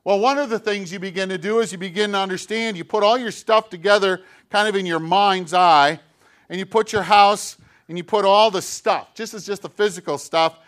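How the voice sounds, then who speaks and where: A man's voice: high-pitched, normal speed, fairly bright tone. A middle-aged man preaching a sermon as pastor, in a conversational, self-deprecating way full of rhetorical questions.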